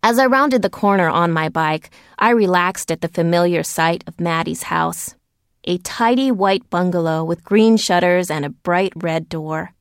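Low-voiced woman narrating a storybook. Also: normal speed, smooth, no echo, clean studio sound. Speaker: audiobook narrator. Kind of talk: first-person storybook narration.

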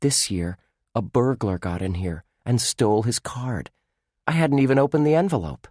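A man's voice: mid-range voice, lively intonation, moderate pace, a little mellow, no room sound, clean studio sound, voice pushed up, natural voice. A man voicing a glum boy who explains a theft in a storybook reading. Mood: explaining. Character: boy upset about a theft.

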